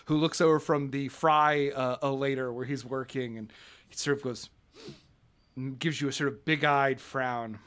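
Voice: mid-range voice, fairly even intonation, a bit bright. A game master narrating a tabletop game, hesitating often with fillers as they describe scenes. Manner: halting, lots of fillers while describing.

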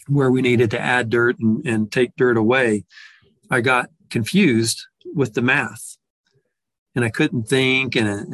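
A man's voice: mid-range voice, fairly bright tone, no room sound. Reflective man telling a personal story. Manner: reflective, with frequent restarts and repeated words.

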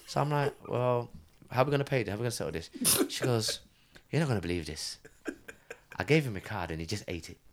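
A man, a cab driver telling animated stories in a casual podcast chat. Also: on the low side, quick pace. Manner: animated storyteller, acts out quotes.

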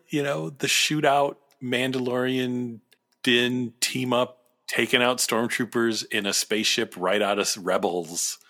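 A man's voice: lowish voice, fairly bright tone. A man co-hosting a podcast, talking about a series in an enthusiastic, rambling way. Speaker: podcast co-host. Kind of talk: casual fan discussion.

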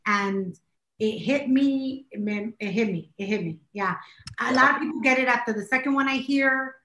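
A high-voiced woman co-hosts a casual podcast while a bit under the weather. She tells her stories in an animated way and laughs often. Her voice rings in a roomy, echoey space. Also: moderate pace, a little hiss or hum. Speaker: podcast co-host. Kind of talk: casual chat.

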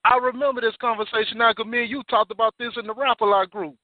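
A man hosting a casual radio interview, upbeat and quick to chime in. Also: very high voice, fairly even intonation, dry recording. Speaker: radio host. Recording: tinny phone line.

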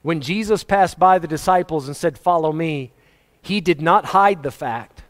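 Speaking at a moderate pace, a male pastor with a slightly high voice gives a conversational sermon full of acted-out quotes and little chuckles. A long reverb makes his words ring as if in a church sanctuary.

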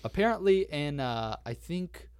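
A man's voice: fairly high pitch, lively intonation, measured pace, smooth, no room sound, clean studio sound. A young man co-hosting a podcast, rambling through casual chat, cursing freely and laughing often. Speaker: podcast co-host.

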